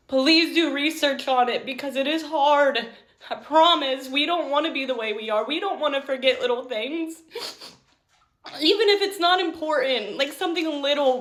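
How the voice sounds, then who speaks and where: A woman's voice: high-pitched, a bit bright. A woman in her thirties talking candidly and emotionally to camera in a personal vlog. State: tearful at times. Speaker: vlogger.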